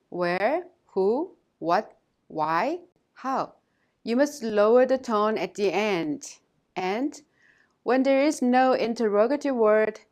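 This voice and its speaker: A woman's voice: on the high side, a little mellow. A woman teaching a language course in a scripted, instructional delivery, carefully modelling pronunciation and repeating words for learners.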